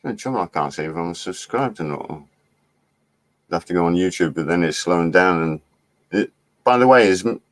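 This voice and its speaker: Middle-aged man, very deep voice, casual rambling live-stream host, laughs and swears. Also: lively intonation, normal speed, pauses often, no room sound. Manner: chatty, laughing, swearing, distracted by chat. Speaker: livestream host.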